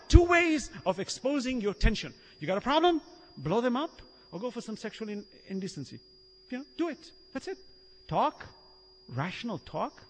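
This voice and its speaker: A man preaching a sermon, telling stories in an animated way, acting out the lines of the people he quotes and often laughing. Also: extremely high pitch, breathy edge. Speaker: Islamic preacher. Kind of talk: sermon with storytelling. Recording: long reverb of a hall.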